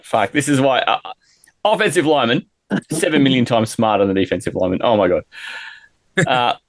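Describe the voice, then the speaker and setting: A man's voice: medium pitch, a little fast, no room sound. Brash, teasing Australian man. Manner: brash, teasing, swears freely. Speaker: podcast host running a fantasy draft. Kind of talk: casual sweary banter.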